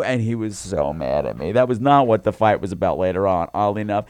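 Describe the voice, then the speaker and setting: A man co-hosting a podcast, telling a campy story in a casual, animated way. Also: lowish voice, a little fast, few pauses, smooth, no echo. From New York. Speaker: podcast co-host. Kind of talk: casual chat.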